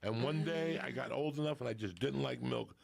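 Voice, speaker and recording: This middle-aged guest, raised in a Cuban family in New Jersey, talks fairly quickly in a creaky mid-range voice, with slight noise in the background. His funny, profane podcast story is full of nonstop cursing, and he breaks into impressions of family members as he goes.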